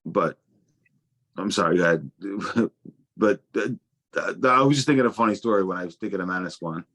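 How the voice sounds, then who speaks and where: A man's voice: low-pitched, brisk, a bit bright. A young adult man telling casual stories as a guest, swearing freely and stumbling through restarts. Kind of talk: casual storytelling.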